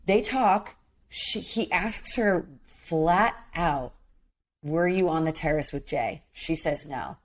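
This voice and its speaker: A woman with a low voice speaks slowly as a podcast co-host recapping a reality show. Her casual chat is animated and emphatic, and she acts out quotes from what others said.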